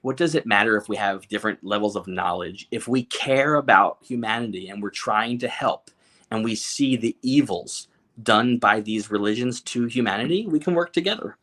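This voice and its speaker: A man with a lowish voice talks as a guest on a podcast. He is candid and jokes a lot, restarting his sentences as he goes. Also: expressive, moderate pace, fairly bright tone. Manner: candid, joking, with frequent restarts. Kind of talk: casual podcast conversation.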